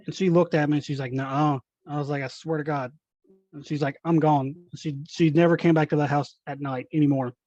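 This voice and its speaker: A man tells ghost stories in an animated way, acting out what people said. His voice sits a bit high. The sound is dull and dry, with no room around it. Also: a little fast, no room sound. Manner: animated, acts out quoted dialogue. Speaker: paranormal investigator guest. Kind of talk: casual storytelling.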